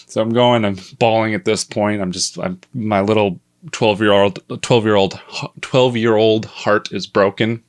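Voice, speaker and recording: Young man with a slightly low voice, casual vlog storyteller, animated, profane. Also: moderate pace. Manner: swears a lot, animated, self-mocking.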